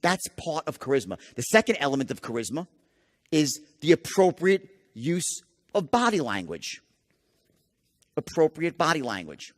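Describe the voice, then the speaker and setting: A man's voice: fairly high pitch, very animated, moderate pace. Man, sales seminar trainer, emphatic, swearing, rhetorical questions, long echoing hall reverb. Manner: emphatic, profane, asks the audience rhetorical questions. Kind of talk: live motivational seminar lecture.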